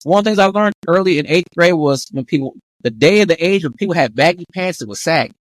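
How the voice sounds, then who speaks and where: Young guy, high voice, rattles off stories on a podcast, dry close sound. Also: fast talker, no room sound. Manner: animated, acts out quoted voices. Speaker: podcast guest. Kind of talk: casual storytelling.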